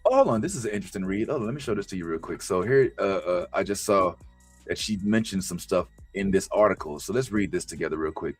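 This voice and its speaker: Animated, slangy man recapping TV. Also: sits low, fast, breathy edge, soft background music. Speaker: host. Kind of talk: casual TV recap commentary.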